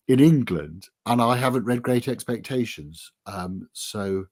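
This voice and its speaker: Husky-voiced chatty man. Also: medium pitch, animated, a little slow, hardly any pauses, a little mellow. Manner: chatty, self-deprecating, rambling with asides. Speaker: author guest. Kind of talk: casual conversational interview.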